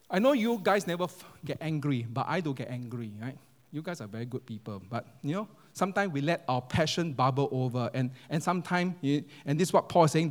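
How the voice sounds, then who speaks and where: A man's voice: mid-range voice, lively intonation, normal speed. A man preaching a sermon, telling stories with humor and asking the congregation questions. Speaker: pastor. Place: church hall. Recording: echoey hall.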